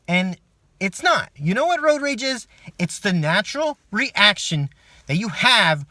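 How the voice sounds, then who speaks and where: Male stand-up comic, high and bright, swears freely, swings between quiet asides and loud rants. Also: no room sound. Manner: ranting, profane, swings from low asides to loud outbursts. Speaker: stand-up comedian. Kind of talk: stand-up comedy routine.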